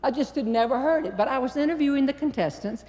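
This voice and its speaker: A woman with a Southern American accent, a humorist telling a story to a live audience, with a folksy, drawn-out delivery and deliberate pauses. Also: high-pitched, a little mellow. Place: large hall before a live audience. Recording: long reverb in a large hall.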